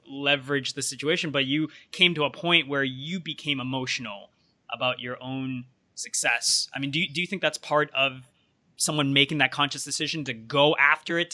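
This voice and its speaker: A man's voice: medium pitch, sharp tone. A man hosting an interview, framing thoughtful questions with frequent hedges and fillers. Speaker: interview host.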